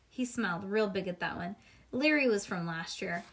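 A woman reading a children's book aloud in a lively way, now and then pausing to chat with a child beside her. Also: medium pitch, breathy edge. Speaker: reader.

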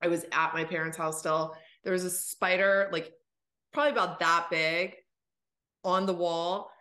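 A woman's voice: fairly low pitch, steady tone, normal speed, pushed and bright. A woman in her thirties chatting as a podcast guest, filling her talk with "like" and acting out her own reactions. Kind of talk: casual chat. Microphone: computer recording, podcast mic.

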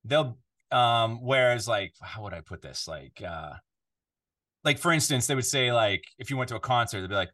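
A Canadian voiceover artist with a mid-range voice talks at a normal speed as a podcast guest, chatting casually from the control room of his home recording studio. He rambles and often restarts his sentences, growing animated when telling stories in this casual interview.

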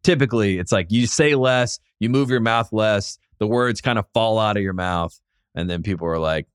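A man's voice: fairly low pitch, moderate pace, clear, resonant tone, no room sound, clean studio sound. A man in his thirties with a North Carolina Southern accent, hosting a podcast in casual chat, rambling with lots of fillers. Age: 30s. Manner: rambling, filler-heavy, laid-back. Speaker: podcast host.

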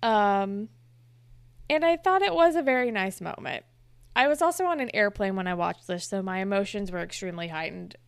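A woman's voice: mid-range voice, moderate pace, vocal fry, clean tone, no room sound. A young woman co-hosting a podcast, recapping a TV episode in casual chat and animatedly acting out the characters, with the odd swear and laugh. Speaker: podcast co-host.

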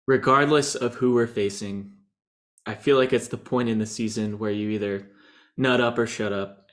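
A man co-hosting a casual sports podcast, telling a fan anecdote in a lively way. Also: fairly low pitch. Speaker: podcast co-host.

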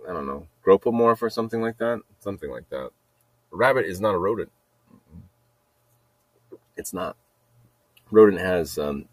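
A man's voice: low-pitched, dry recording, low-quality recording. Man, podcast host, rambling solo storytelling, repetitive, casual swearing, dry close sound. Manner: rambling, repeats himself, frequent swearing.

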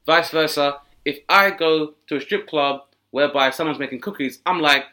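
A man's voice: a little high, normal speed. A man co-hosting a casual comedy chat, riffing and acting out voices in his stories. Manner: animated, acts out voices in quoted exchanges. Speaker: podcast co-host.

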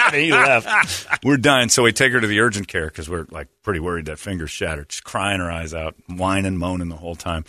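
Lively-voiced radio host, bright and dry. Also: male voice, deep voice, fairly quick, no room sound. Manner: loud exclamations, laughing, animated storytelling. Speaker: radio morning show host. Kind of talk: casual radio banter and storytelling. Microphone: studio mic.

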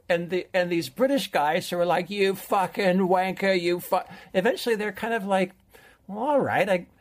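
A man's voice: on the high side, a little mellow. A man hosting a chatty show, talking enthusiastically and laughing easily. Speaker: show host, reviewer. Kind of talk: casual chat.

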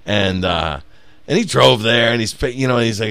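A man who is a stand-up comic, telling profane, animated stories in a casual podcast chat. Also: medium pitch, moderate pace, smooth, dry recording. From South Bend, Indiana.

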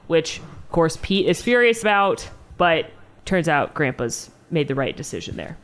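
A woman's voice: low-pitched, very animated, moderate pace. A young adult woman co-hosting a casual movie recap podcast, talking animatedly, swearing freely and acting out lines from the film. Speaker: podcast co-host.

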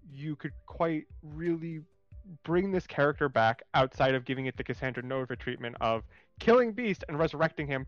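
A man co-hosting a casual comics discussion, animated and searching for words. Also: a little high, no room sound, highs cut off. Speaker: co-host.

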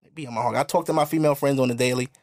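A young man hosting a casual podcast, lecturing bluntly and slipping into high mocking voices when he quotes people. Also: racing. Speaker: podcast host.

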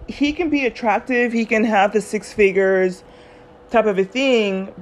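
A young woman telling a personal story in a chatty monologue on her podcast. She acts out the quoted lines of the people in her story. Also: mid-range voice. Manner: chatty, animated retellings with quoted voices. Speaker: podcast host.

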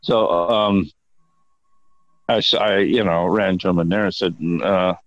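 Very deep-voiced older man spinning yarns. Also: fairly even intonation, measured pace, fairly bright tone, no room sound. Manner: rambling, profane, chuckling storyteller. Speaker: guest. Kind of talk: casual storytelling interview. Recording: dull lo-fi dry sound.

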